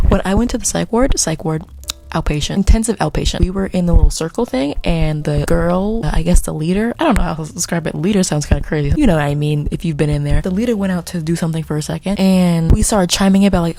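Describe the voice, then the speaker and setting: A woman's voice: lowish voice, fast, mellow. A young woman talking casually to her camera in a vlog, giggling often and drifting off on rambling tangents. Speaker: vlogger. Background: faint background music.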